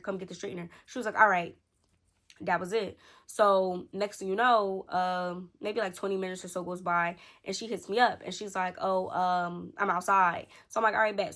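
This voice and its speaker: A woman's voice: mid-range voice, a bit bright. A young woman in her twenties spins a storytime for her viewers. She is chatty and slangy, calls her audience y'all, and acts out both sides of a friendship quarrel in her own voice. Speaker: storytime vlogger. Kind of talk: casual storytelling to camera.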